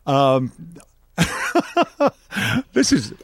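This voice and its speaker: A man's voice: fairly high pitch, huge pitch swings, drawn-out words, no echo, clean studio sound. A man hosting a live call-in tech show, upbeat and exclamatory. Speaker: radio show host.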